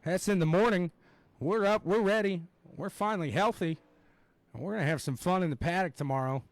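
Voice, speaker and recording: A young man giving live play-by-play commentary on a race, excitable and rambling, with plenty of fillers and asides. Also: high voice, fairly quick, no echo.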